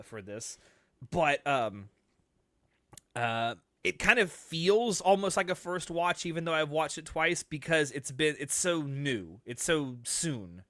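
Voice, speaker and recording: Male podcast co-host, animated rambler, bright, forward tone. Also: medium pitch, dry recording, studio quality. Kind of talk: casual podcast chat.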